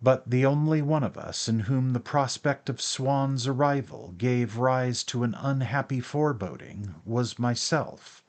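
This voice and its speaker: A man reading a classic novel as an audiobook narrator, in a measured, even way through long sentences. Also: medium pitch.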